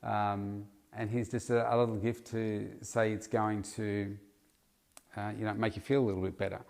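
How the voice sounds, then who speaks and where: A man's voice: lowish voice, little pitch movement, normal speed, creaky, a little mellow. A man hosting a solo podcast, talking in a casual, rambling way with lots of fillers and restarts. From Australia. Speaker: podcast host, health coach.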